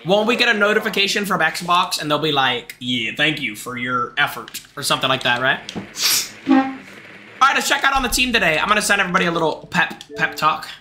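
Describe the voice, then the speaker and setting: A young male streamer with a high, piercing, tense voice, reacting to his game in bursts of excitement. He talks straight to his chat and often shouts. Faint music plays behind him. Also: a little fast. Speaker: gaming streamer. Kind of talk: live game commentary.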